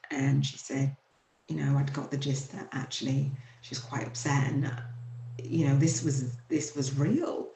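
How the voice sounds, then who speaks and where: A woman in her forties, hosting her own show, telling a painful personal story in a halting, emotional way with many fillers. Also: very deep voice, fairly even intonation, creaky, dark tone, slight background noise. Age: 40s. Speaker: host. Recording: echoey room.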